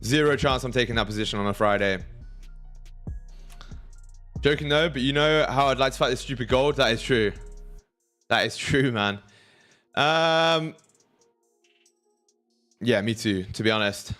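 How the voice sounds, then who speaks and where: Casual young streamer, hypes his chat, thinks aloud, soft music bed. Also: medium pitch, measured pace, long pauses. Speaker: trading livestream host.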